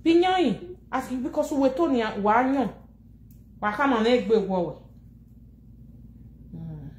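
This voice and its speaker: A woman speaking in a Nigerian Pidgin English accent, ranting casually to camera in an animated, laughing and scolding way. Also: sits high, slow pace, roomy sound. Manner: animated, laughing, scolding and mocking, switching languages. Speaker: social media personality.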